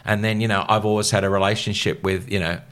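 An older man, a veteran broadcaster chatting as an interview guest, telling lively stories and acting out quoted voices. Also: lowish voice, fast talker. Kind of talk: casual interview chat.

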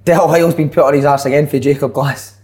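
A man's voice: fairly high pitch, fairly even intonation, fast, a little mellow. A man with a Scottish accent hosting a casual podcast chat among friends, telling stories and swearing freely. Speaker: podcast host.

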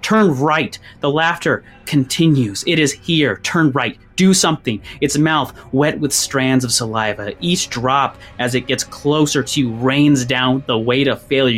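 A man's voice: mid-range voice, fairly bright tone. Intense man narrating a tabletop game. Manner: intense second-person narration, then loose chatty rules talk. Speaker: game master.

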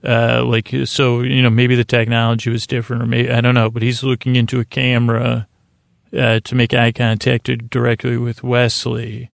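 A man's voice: medium pitch, completely flat delivery, normal speed, gravelly, no room sound. A man hosting a sleep podcast, casually recapping a TV episode in a meandering, earnest way. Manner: meandering, many restarts and fillers, quietly earnest.

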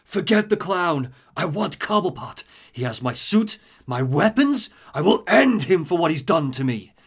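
A man's voice: a little high, very animated, unhurried, breathy edge, voice pushed up, heavily acted. A man doing a furious dying scientist. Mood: vengeful.

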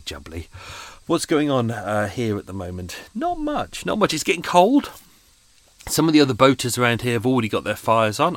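A man's voice: medium pitch, no echo. A man with a London accent chatting casually on his boat while making coffee, rambling and swearing with self-mocking asides. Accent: London English. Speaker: vlogger living on a boat.

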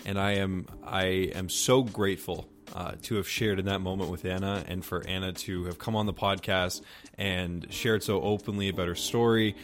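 A man's voice: low voice, fairly even intonation, moderate pace. A man hosting a podcast, reflecting thoughtfully on the conversation with frequent fillers. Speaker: podcast host.

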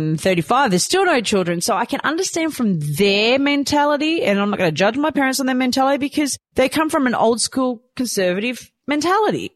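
A woman's voice: mid-range voice, no room sound. A woman, candidly telling a personal story and acting out her own thoughts. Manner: animated, acts out her own quoted thoughts. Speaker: storyteller sharing a personal experience.

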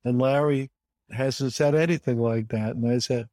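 A man's voice: mid-range voice, steady tone, moderate pace, dark tone, no room sound. An older man, a guest in an interview, telling anecdotes in an emphatic way and repeating words for stress. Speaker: bridge player guest.

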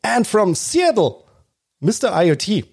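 A man's voice: high-pitched, big pitch swings, measured pace, creaky, husky. A man with a German accent hosting a podcast, chatty and laughing as he introduces guests. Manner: chatty and laughing, with frequent restarts. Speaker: podcast host. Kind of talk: casual podcast chat.

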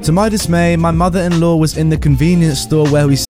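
A man reading online stories aloud as the host of a storytime channel, with an expressive delivery. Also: on the high side, fairly quick, over music. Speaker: storytime narrator.

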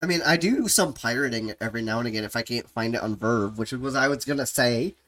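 A man's voice: medium pitch, fast, fairly bright tone, poor audio. A man hosting a podcast in casual chat, giggly and easily sidetracked. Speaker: podcast host.

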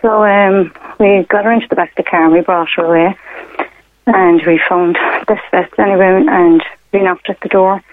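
A middle-aged woman calls in over a tinny, narrow phone line. She tells her story haltingly, leaning on fillers and retold quotes, and the line sounds dry and close. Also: medium pitch, fairly even intonation, dry recording. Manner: rambling, hesitant, many fillers and retold quotes. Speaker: caller. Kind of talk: telling a personal story on a radio phone-in. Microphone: telephone.

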